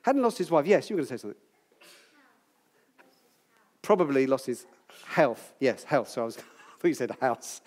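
A man's voice: mid-range voice, big pitch swings, moderate pace, long pauses, a little mellow, big-room sound. A man in his sixties, possibly from Britain, teaching a Bible passage to a group in a chatty, playful way, quizzing his listeners as he goes. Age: 60s.

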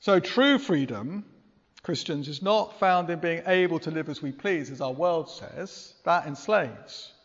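Earnest preacher in a reverberant church. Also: male voice, fairly high pitch, lively intonation, unhurried. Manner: earnest, conversational, with rhetorical questions. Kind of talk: sermon. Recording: long reverb, dull lo-fi sound.

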